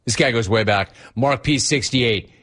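A man hosting a sports talk show, teasing and animated, reading out chat and laughing often. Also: medium pitch, normal speed.

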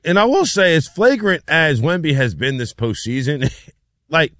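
A man's voice: fairly high pitch, moderate pace, dry recording, clean studio sound. A man hosting a sports radio show, chatting casually and joking, sometimes slipping into a sung announcer voice. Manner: lively, joking, breaks into sung announcer bits.

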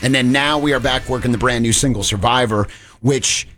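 A man from the US East Coast hosting a casual radio interview in a studio, energetic and chatty. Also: mid-range voice, brisk, soft background music. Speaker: radio host.

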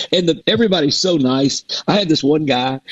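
Middle-aged male guest, husky, rambling storyteller, dull lo-fi audio. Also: on the high side, moderate pace. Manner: rambling, with many restarts and fillers. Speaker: performer and guest. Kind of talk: casual interview storytelling. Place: performs a resident show in a Mississippi theater.

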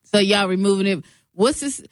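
Radio co-host, mid pitch, dry studio sound, casual back-and-forth, frequent yeahs. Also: normal speed, dry recording. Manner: affirming, chiming in often.

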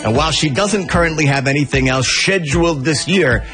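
A man presenting a radio show in a lively, jokey way. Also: fairly high pitch, a little fast, faint music behind. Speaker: radio host.

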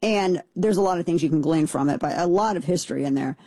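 A woman's voice: lowish voice, fast talker, dark tone, no room sound. A woman hosting a show, giving an emphatic, opinionated political commentary monologue and repeating points for stress. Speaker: show host.

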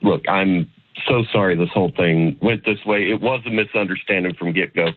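A man's voice: deep voice, normal speed, slight background noise. Awkward defensive man on a dull line. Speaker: caller on a radio dating segment. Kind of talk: awkward phone call.

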